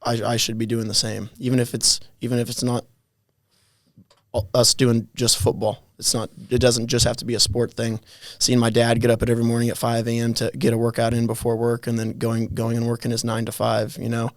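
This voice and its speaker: A college athlete in his twenties, telling his story in a guest interview with many halting restarts and little chuckles. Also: medium pitch, monotone, no room sound, clean studio sound. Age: 20s. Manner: halting, repeats words, chuckles while telling stories. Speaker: college football player, guest.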